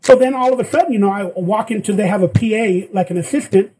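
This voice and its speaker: A man's voice: high-pitched, fast talker, a little hiss or hum, rough recording. A man telling a story in casual chat, acting out the lines of the people in it. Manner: animated, acts out quoted lines. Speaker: guest actor.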